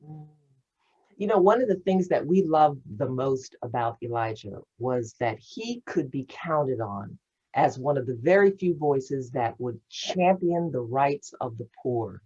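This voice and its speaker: A woman reverend hosting the meeting, asking her guest questions in a measured, earnest way. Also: extremely low pitch, lively intonation, mellow, slightly rough, muffled recording. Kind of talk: hosted conversation, asking questions.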